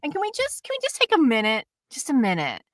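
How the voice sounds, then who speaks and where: Animated, ranty woman chatting. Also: high voice, fast talker, dry recording, studio quality. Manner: animated, ranty, swears, acts out scenes. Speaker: co-host. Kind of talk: casual chat reviewing dramas.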